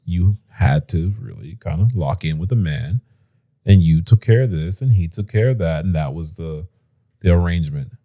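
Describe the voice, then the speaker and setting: A man's voice: deep voice, lively intonation, normal speed, mellow. A man co-hosting a podcast from home, talking casually and animatedly, dropping slang and mimicking voices. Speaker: podcast co-host. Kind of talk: casual chat. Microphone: podcast mic.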